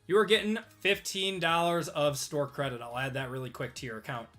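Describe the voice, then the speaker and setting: A man hosting a live stream from his desk, chatty and upbeat with quick laughs. His voice sits a bit high and sounds bright and forceful, though slightly strained. Faint music plays behind him. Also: steady tone. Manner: upbeat, chatty, reads out buyer names, laughs easily. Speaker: host of a live sports card group break. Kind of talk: casual live-stream chat.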